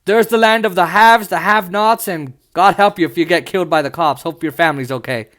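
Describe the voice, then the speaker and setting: A man with a high-pitched voice hosts his own podcast, speaking with raw passion and blunt frankness. He slips into mocking asides now and then, in a loose, unscripted commentary. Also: a little fast, fairly bright tone. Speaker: podcast host.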